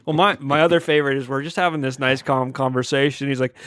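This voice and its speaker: A man co-hosting a podcast in casual chat, reminiscing, laughing often and acting out quotes loudly. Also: medium pitch, fairly even intonation, quick pace, no room sound, clean studio sound. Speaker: podcast co-host.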